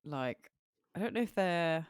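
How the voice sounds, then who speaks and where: A woman with a Southern English accent, co-hosting a casual podcast chat, playful and quick to laugh. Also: lowish voice, expressive, clean tone, no room sound, clean studio sound. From England. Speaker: podcast co-host.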